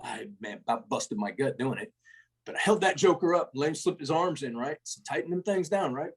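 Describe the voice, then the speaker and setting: Man, middle-aged, retired sergeant, rambling profane storyteller, husky, slightly high-pitched. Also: expressive, a little fast. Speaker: podcast guest, retired first sergeant. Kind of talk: casual storytelling interview.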